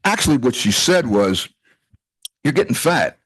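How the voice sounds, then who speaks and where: A man's voice: mid-range voice, sing-song, normal speed, a bit bright, dry recording, rough recording. A man in his sixties giving a heartfelt, conversational speech to a retreat gathering. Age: 60s. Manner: heartfelt, conversational, with quoted dialogue. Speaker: retreat association president.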